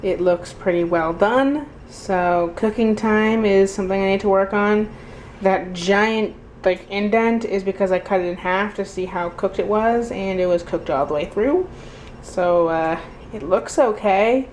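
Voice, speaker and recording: A woman's voice: medium pitch, unhurried, a little mellow. A woman vlogging casually from her home kitchen, rambling and self-deprecating with plenty of fillers. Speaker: daily vlogger. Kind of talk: casual vlog chat. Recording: echoey room with faint noise.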